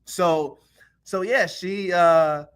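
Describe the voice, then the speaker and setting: A man on a podcast telling a childhood story in a casual, animated way, acting out the voices of the people in it. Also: on the high side, fairly quick. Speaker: podcast co-host.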